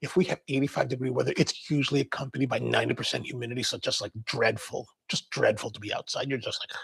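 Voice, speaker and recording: A man's voice: mid-range voice, steady tone, fast talker, gravelly, a bit bright, husky. A man from Maryland hosting a coffee livestream, telling a rambling casual story and reading viewer comments. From Maryland, US East Coast. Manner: rambling storyteller, quotes people in voices, laughs.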